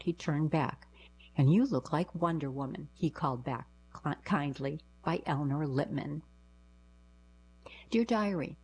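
A woman's voice: sits low, darkish tone, slightly rough, poor audio. A woman reading short first-person anecdotes aloud, giving quoted lines a lift in her voice.

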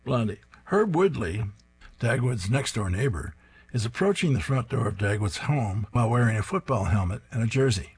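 A man's voice: medium pitch, expressive, moderate pace, husky. A man reading newspaper comic strips aloud, plainly describing each panel and reading the lines.

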